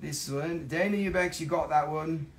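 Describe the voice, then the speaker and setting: A man running a live sales stream, joking, swearing and excitable, while he is losing his voice. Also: a little high, moderate pace, very noisy.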